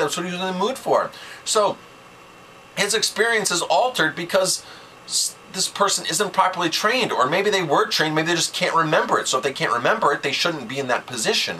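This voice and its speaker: A man's voice: high voice, pushed and bright, a little hiss or hum, poor audio. A man who runs a restaurant, talking to camera with business advice in a conversational, emphatic way, repeating key phrases. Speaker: restaurant owner and chef.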